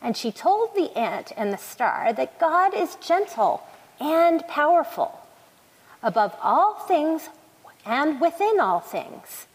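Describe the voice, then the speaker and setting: A woman narrating a storybook, reading in a slow, soothing and expressive way. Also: high voice. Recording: long hall reverb.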